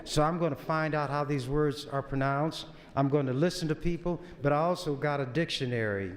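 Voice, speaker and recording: A man's voice: a little high, a little fast. A man who is a senator, giving a folksy, lecturing floor speech in a legislature. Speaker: state senator. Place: large legislative chamber. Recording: long reverb of a chamber.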